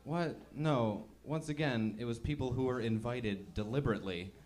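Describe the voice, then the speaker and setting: A man's voice: mid-range voice, normal speed, a little mellow. A man doing a stand-up comedy set in a club, chatty and self-mocking, acting out little voices as he goes.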